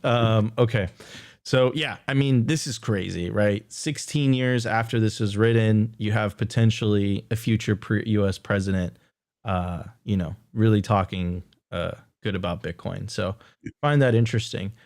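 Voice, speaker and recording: Casual halting male podcast co-host. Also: on the low side, a little mellow, no room sound, studio quality. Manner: casual, halting, many fillers and restarts. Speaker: crypto show co-host. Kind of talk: casual livestream chat.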